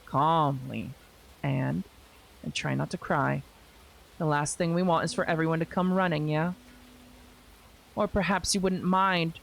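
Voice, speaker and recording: A woman voicing a sardonic young nun in a lower, dry, teasing voice for a game read-aloud. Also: steady tone, a little slow, gravelly, long pauses.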